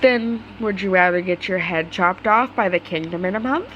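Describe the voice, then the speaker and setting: A woman's voice: fairly low pitch, normal speed, muffled recording, slight background noise, lightly acted. A woman reading aloud the lines of a cheerful, commanding young male prince in a fan story, in her own voice. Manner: read-aloud, plain.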